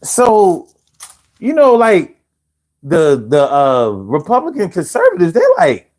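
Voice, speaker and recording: Slow, lively-voiced man ranting live. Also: a little high. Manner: profane, talks straight to viewers in chat. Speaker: livestream host. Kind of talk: casual live-stream rant.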